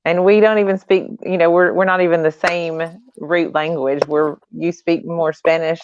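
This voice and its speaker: A woman host who praises her guest warmly and then talks about her own time as a stay-at-home mother. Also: lowish voice, little pitch movement, normal speed, clean tone, dry recording. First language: English. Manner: warm, effusive praise. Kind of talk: casual chat. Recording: dull lo-fi sound.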